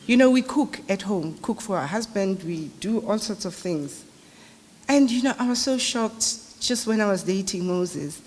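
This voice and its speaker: A woman's voice: mid-range voice, animated, a little slow, darkish tone. A middle-aged South African woman giving a eulogy at a memorial service, in a conversational, anecdotal storytelling way. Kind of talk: memorial speech. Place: large hall. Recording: long reverb of a large hall.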